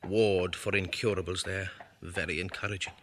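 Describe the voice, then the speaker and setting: Brief: a man playing a middle-aged man musing to himself, low and bright, clipped murmured fragments, audio drama monologue. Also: level tone, normal speed, slight background noise.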